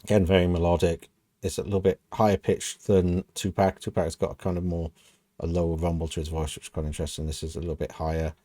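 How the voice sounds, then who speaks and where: A man's voice: deep voice, little pitch movement, quick pace, dark tone, no echo, studio quality. A British man from the UK hosting a reaction video, chatting casually and thinking aloud with lots of "you know.". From United Kingdom.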